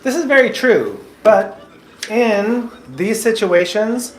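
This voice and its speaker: A man with a high, slightly bright voice speaks slowly, coaching job seekers through a mock interview in an upbeat, joking way while explaining things patiently. He's indoors in a coffee shop, and the recording has room echo with slight background noise.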